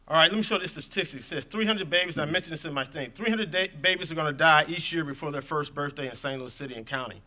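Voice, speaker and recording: A middle-aged man speaking at a conference on infant health programs has a medium-pitched, bright, forceful voice. He shares a personal story earnestly and conversationally, drifting away from his script.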